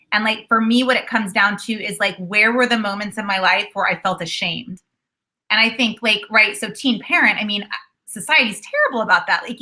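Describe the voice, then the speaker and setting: A woman's voice: medium pitch, pushed and bright. A woman co-hosting a podcast, reflecting aloud in casual chat. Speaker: podcast co-host.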